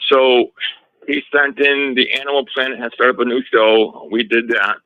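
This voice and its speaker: A man being interviewed as a guest, telling a story from his own home in a casual, animated way, with frequent restarts and retold dialogue. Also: mid-range voice, moderate pace, clear, resonant tone, dry recording. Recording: slightly dull lo-fi audio.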